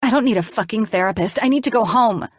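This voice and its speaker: A frightened young patient, combative and desperate, voiced by a woman narrator. She pleads in a shrill, high voice pushed well above the narrator's own, loud and urgent. The sound is dry and close. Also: moderate pace, dry recording, natural voice. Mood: panicked, shrill.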